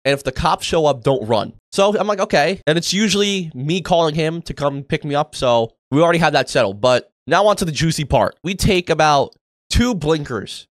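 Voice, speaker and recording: Young guy doing storytime, kinda high voice, dry close mic, swears a lot and acts out the quotes. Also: animated, normal speed, no echo. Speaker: storytime YouTuber. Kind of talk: casual storytelling.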